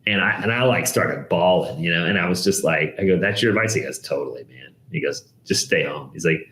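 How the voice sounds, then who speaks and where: A man, a downsizing expert, telling animated stories in a casual interview and acting out the people he quotes. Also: a bass voice, brisk, roomy sound. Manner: animated storyteller, acts out quoted voices. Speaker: guest, downsizing expert and TV host.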